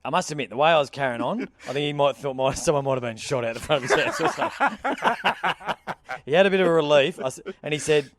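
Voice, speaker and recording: A man's voice: fairly high pitch, quick pace, noisy background. A young Australian man co-hosting a podcast, telling a story in casual chat, laughing often and acting out the voices of the people in it. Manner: animated storyteller, laughs often, acts out quotes. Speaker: podcast co-host.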